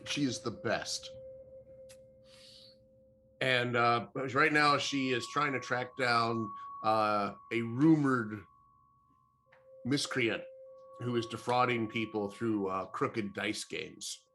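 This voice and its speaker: A man's voice: medium pitch, slow pace, long pauses, pushed and bright, a little hiss or hum. A man running a tabletop game as game master, explaining lore casually with jokes and frequent fillers.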